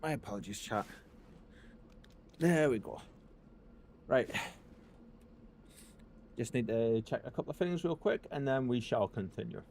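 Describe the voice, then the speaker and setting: A man's voice: mid-range voice, animated, unhurried, creaky, pauses often, a little mellow, a little hiss or hum. A man streaming a video game, chatting casually to his viewers as he plays. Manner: chatty, talks to chat while playing. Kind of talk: casual let's-play commentary.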